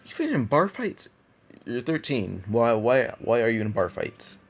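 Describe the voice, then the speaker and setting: Casual storyteller man doing a stern, scolding old grandfather, low register. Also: fairly even intonation, brisk, slightly rough. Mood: incredulous. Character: gruff old male marine grandfather.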